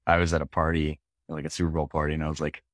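Give me a man from Philadelphia, a fitness coach, speaking with an extremely deep voice. He talks earnestly and easily about his work. The recording is dry and close. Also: monotone, rapid-fire, dry recording. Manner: earnest, easygoing. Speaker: CrossFit coach and gym owner. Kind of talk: casual interview chat.

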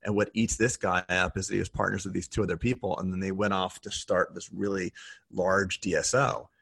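A man in his forties with a low, gravelly voice and a husky edge co-hosts a candid podcast chat. He talks in a reflective, unguarded way, swearing freely as he makes his points. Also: little pitch movement, fairly quick, fairly bright tone. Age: 40s. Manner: blunt, profane and reflective. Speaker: podcast co-host.

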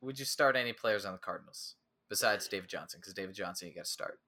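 A man with a bright, forceful voice, co-hosting a casual fantasy football chat. He jokes with dry one-liners between his picks. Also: sits low, quick pace. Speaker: fantasy football podcast co-host.

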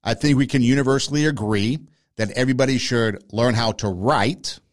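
A man's voice: mid-range voice, moderate pace. A man hosting a podcast, giving argumentative opinion commentary and speaking straight to his listeners. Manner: argumentative, addresses listeners directly. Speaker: podcast host.

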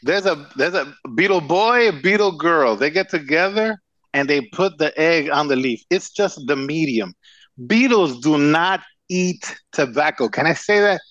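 Male doctor guest, blunt storyteller, slightly high pitch, dry close mic, a bit dull. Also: lively intonation, a little slow, a bit bright, dry recording. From Dominican Republic. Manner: blunt, profane, storytelling with emphatic asides. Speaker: cigar company CEO and physician guest. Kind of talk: casual podcast interview.

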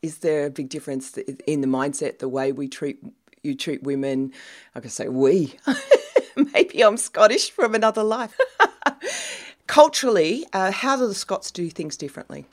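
A woman's voice: low voice, big pitch swings, moderate pace. A woman interviewing a guest, asking curious questions and laughing easily. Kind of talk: conversational interview.

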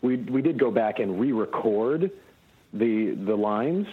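A man, a guest voice actor, telling relaxed anecdotes in a casual interview, with frequent fillers and restarts. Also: lowish voice, slow, slightly rough, narrow, tinny audio.

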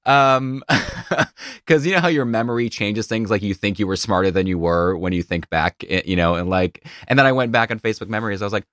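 Low guy hosting a podcast, chatty n playful, dry close studio mic. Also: a little fast, dry recording. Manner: chatty, animated storytelling with playful asides. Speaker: podcast host. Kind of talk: casual conversation. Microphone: studio mic in a treated home studio.

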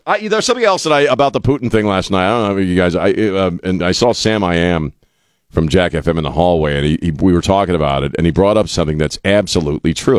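Blunt, animated male talk radio host. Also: low-pitched, no echo. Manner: blunt, joking, rambling with restarts. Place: radio studio.

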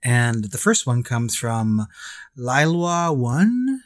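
Male podcast co-host, mid-pitched, casual and animated, acts out quotes, laughs easily. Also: very slow. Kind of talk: casual chat.

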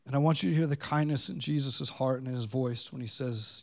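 A man's voice: mid-range voice, fairly quick, creaky, hardly any pauses, darkish tone. A man pastor preaching a sermon in a church, earnest and conversational. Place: church sanctuary.

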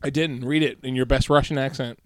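A man's voice: medium pitch, steady tone, fairly quick, a little hiss or hum. A man co-hosting a casual beer-tasting podcast, bantering in a goofy, playful way. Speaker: podcast co-host.

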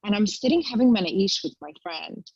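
Brief: young woman, animated storyteller, dry and slightly dull recording. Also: a little fast, husky, no echo. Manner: chatty storyteller, acts out quotes in a high voice. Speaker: guest. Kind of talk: casual chat.

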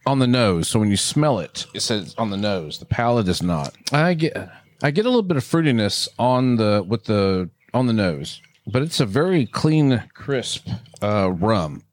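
A man's voice: on the low side, sing-song, moderate pace, dry recording. A man co-hosting a casual podcast, playfully teasing while giving rambling tasting notes. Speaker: podcast co-host. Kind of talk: casual chat.

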